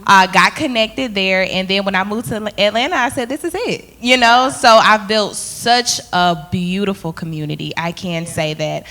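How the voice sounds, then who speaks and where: Bright-voiced woman with a Southern Alabama accent. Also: medium pitch, normal speed, few pauses. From Selma, Alabama. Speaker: co-host. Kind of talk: casual chat.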